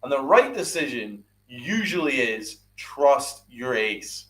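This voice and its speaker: Man angry sports podcast host, repeats and swears, big pitch swings. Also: very animated, slow, fairly bright tone. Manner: ranting, repeats himself, swears, asks rhetorical questions. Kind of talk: angry sports rant with live chat.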